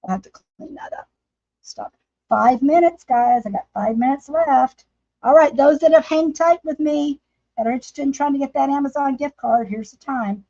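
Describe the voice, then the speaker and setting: A woman's voice: high-pitched, normal speed, warm tone. A woman hosting a casual craft livestream from home, chatting and laughing with her viewers while she paints. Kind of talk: casual live-stream chat while painting. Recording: dull lo-fi livestream audio.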